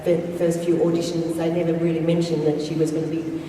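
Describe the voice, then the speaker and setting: A woman's voice: deep voice, monotone, fast talker, mellow, a little hiss or hum. A woman answering as a convention panel guest, playful, giggly and teasing. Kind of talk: casual panel chat. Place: large convention hall with audience. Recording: echoey hall, mic heard from far.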